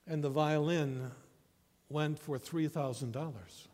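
Man preaching slow and careful, higher-ish voice, long echo like a big church hall. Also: steady tone, darkish tone. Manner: measured storytelling with rhetorical questions. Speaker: pastor. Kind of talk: sermon. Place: church sanctuary.

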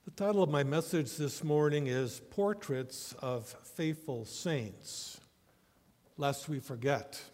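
Male pastor, slow deliberate sermon delivery, slightly high voice, church reverb. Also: a little mellow. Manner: measured storytelling with rhetorical questions. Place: church sanctuary. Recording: long church hall reverb.

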